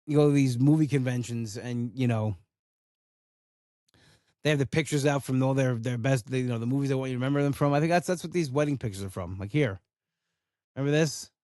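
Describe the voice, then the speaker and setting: A man hosts his own podcast alone, griping bluntly and casually with plenty of swearing. His voice sits at an ordinary middle pitch. The recording is dry and close, with no room sound. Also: dark tone, no echo. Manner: ranting, blunt and profane. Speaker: podcast host. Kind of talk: casual solo rant.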